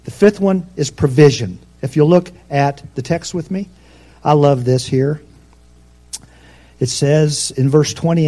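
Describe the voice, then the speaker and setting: A pastor preaching a sermon, swinging between loud emphatic peaks and soft, low asides. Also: male voice, measured pace.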